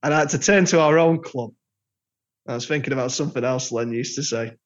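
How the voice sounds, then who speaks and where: A man's voice: mid-range voice, brisk. A man co-hosting a podcast, rambling through self-mocking jokes in casual chat. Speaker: podcast co-host. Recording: dull lo-fi podcast audio.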